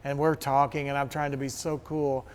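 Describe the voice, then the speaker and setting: Speaking at normal speed in a clear, resonant mid-range voice, a middle-aged Kentucky musician appears as a guest in a relaxed interview. He spins lively anecdotes and imitates the voices of the people he quotes.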